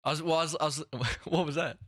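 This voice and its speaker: A man's voice: a little high, steady tone, fast talker, dry recording, studio quality. Hesitant young Australian man. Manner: hesitant, filler-heavy, trails off quietly. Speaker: podcast co-host. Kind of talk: casual studio banter.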